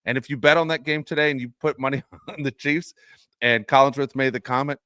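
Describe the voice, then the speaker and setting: A man co-hosting a sports fan podcast, telling animated stories in a casual chat and laughing often. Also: mid-range voice, fairly quick, dry recording, clean studio sound. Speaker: podcast co-host.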